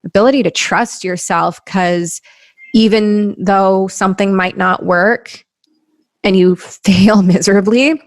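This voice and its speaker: A woman's voice: mid-range voice, fairly even intonation, takes it slowly, dry recording, studio quality. A woman hosting a podcast, talking in an earnest, encouraging way and laughing easily. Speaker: podcast host. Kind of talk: casual conversational interview.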